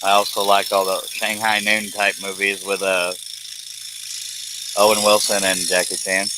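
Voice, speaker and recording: A man's voice: fairly low pitch, monotone, unhurried, background noise. A man hosting a live stream, rambling and joking in casual chat as he reads viewer comments aloud.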